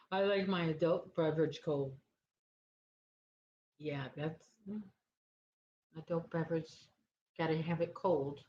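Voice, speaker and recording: Brief: woman, crochet-stream host, lowish voice, rambling and sleepy, roomy dull recording with faint hiss. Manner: rambling, chatty, loses her train of thought. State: sleepy, yawning. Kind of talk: casual chat with live viewers.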